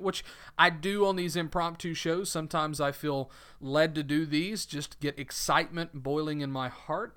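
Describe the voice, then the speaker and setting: A man's voice: fairly high pitch, fairly bright tone. A man with a Southern US accent hosting a faith talk show, speaking casually with many hesitations and restarts. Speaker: radio show host.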